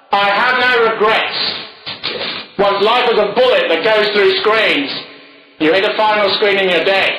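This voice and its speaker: High, bright-voiced man. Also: roomy sound, poor audio. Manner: emphatic, rambling, anecdotal, chuckling asides. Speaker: speaker. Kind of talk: ideological monologue.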